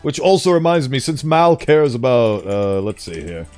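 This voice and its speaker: Playful streamer man, lively pitch. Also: moderate pace, soft background music. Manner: playful, laughs often, greets chat. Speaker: streamer reading stories. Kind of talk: casual live-stream chat.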